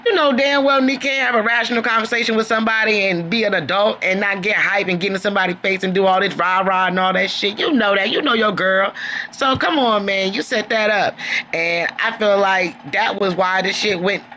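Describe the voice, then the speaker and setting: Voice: medium pitch, fairly even intonation, fairly quick, bright, forceful tone, slight background noise. A reality show reviewer recapping an episode in a sassy, chatty way, calling listeners honey and girl.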